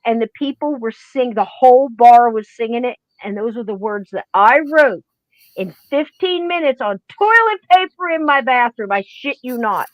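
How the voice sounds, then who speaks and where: A woman hosting a podcast tells stories in a casual chat, putting on voices for the people she quotes. Her voice sits fairly high and the sound is dry and close. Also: moderate pace, no room sound, lo-fi sound. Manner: animated storyteller acting out quotes. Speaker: podcast host.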